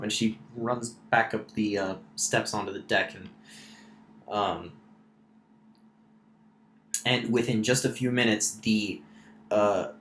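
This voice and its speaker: A man's voice: lowish voice, fairly even intonation, slow pace, long pauses, fairly bright tone. Male game master, loose filler-heavy narration, echoey room. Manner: casual, many fillers and restarts. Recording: roomy echo.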